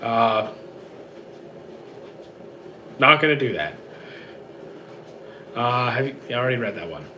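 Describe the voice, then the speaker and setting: Hoarse man chatting on a livestream. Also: mid-range voice, big pitch swings, slow pace, pauses often, sharp tone, slight background noise. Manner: reads out viewer questions and answers offhand. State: hoarse, worn-out voice. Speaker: streamer answering chat. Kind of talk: casual livestream chat. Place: home with roommates.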